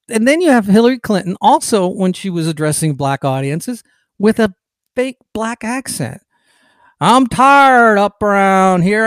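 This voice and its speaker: A man's voice: high-pitched, dry recording. A man hosting a political podcast, talking in an opinionated, digressive and emphatic way. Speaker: podcast host.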